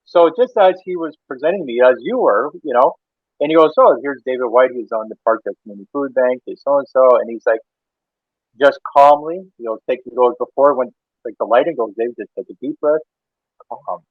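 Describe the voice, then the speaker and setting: Fast-talking man on a tinny line. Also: medium pitch, no room sound. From Canada. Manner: animated, rambling anecdotes with many restarts. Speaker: interior designer, guest. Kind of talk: casual interview storytelling. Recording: tinny phone-like line, dry.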